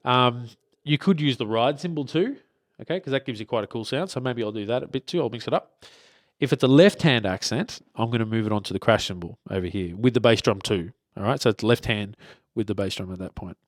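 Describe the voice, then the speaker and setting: Man, drum teacher, relaxed, filler-heavy, mid pitch, dry close sound. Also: fairly quick, no room sound. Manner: relaxed, many fillers and restarts, checks in with "okay?". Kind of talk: casual spoken lesson. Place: drum studio beside a drum kit.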